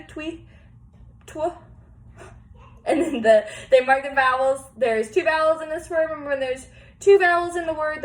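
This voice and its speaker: Warm-hearted woman teacher, high voice, patient and encouraging, slow sounding-out of words for small children. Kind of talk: remote phonics lesson for young children.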